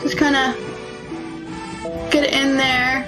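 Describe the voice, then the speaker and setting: High-voiced woman giving makeup tips. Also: flat delivery, slow, loud music behind the voice. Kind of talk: makeup tutorial.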